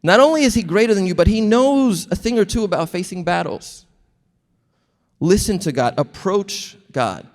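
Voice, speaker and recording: A man with a high, lifted voice preaches a sermon as a pastor. He tells stories and acts out the lines he quotes with lively energy, and his words ring out in a long hall reverb. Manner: animated storytelling, acting out quotes. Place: large church hall.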